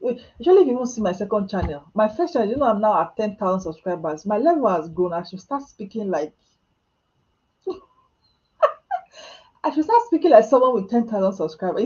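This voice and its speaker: A Nigerian woman chats on a live stream, joking about herself and breaking into laughter between answers to viewers. Her voice is mellow and warm, and the sound is a bit dull and muffled. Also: medium pitch, sing-song, a little fast, pauses often. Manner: chatty and self-mocking, laughing often, with Nigerian Pidgin asides. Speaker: vlogger answering live chat questions. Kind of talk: casual live-stream chat. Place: home.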